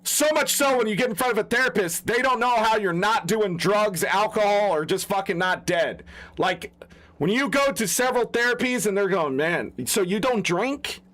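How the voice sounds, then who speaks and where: A man's voice: high-pitched, moderate pace, a bit bright. A man who streams games, ranting in an unscripted, heated, profane way. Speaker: gaming streamer. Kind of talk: unscripted rant.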